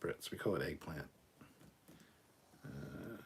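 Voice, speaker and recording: A man's voice: sits low, animated, moderate pace, slight background noise. A man hosting a casual livestream, reading chat aloud, swearing often and laughing between remarks. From Canada.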